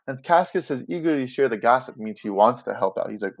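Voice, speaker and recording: A man teaching as he talks through a classic play, chatty and animated, paraphrasing in slangy everyday words with quick asides. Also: mid-range voice, creaky, lo-fi sound. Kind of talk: casual classroom explainer.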